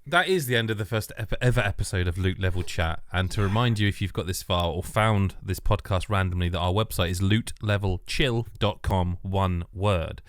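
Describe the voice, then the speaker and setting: A man hosting a casual podcast, rambling with halting restarts and easy laughter. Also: deep voice, no room sound, clean studio sound. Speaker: podcast host.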